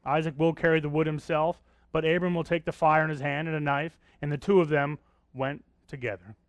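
A male pastor preaches a Bible sermon in a conversational way, often stopping to ask his listeners questions. His voice sits a little high for a man, and the sound is dry and close. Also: level tone, a little fast, no room sound. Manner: conversational, asking the congregation questions.

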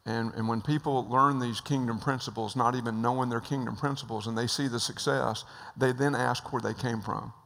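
A man with a gravelly, rough edge to his voice delivers a sermon in a large hall with a long reverb tail. He tells jokes and stories and acts out the voices of their characters. His pitch sits in an ordinary middle range. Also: steady tone, moderate pace, hardly any pauses, a bit bright. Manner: joke-telling, acts out voices, repeats phrases. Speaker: speaker at a church. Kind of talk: sermon with storytelling.

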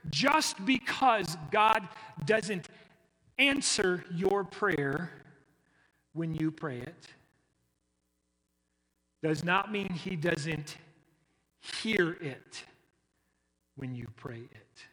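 A bright, high-voiced male pastor preaching with strong emphasis, lifting hard on key lines and sinking to near-quiet on others. His voice carries a long reverb, as in a church hall. He sounds forceful and clear. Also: expressive, a little slow. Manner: emphatic, rising sharply on key words then dropping low and soft. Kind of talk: sermon.

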